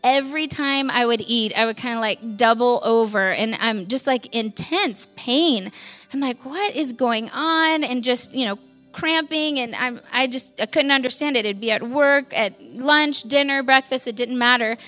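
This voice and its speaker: A woman's voice: a little high, moderate pace, bright, forceful tone, soft background music. A pastor's wife telling her story in a church testimony, candid and conversational, with lots of "like" fillers and little laughs at herself.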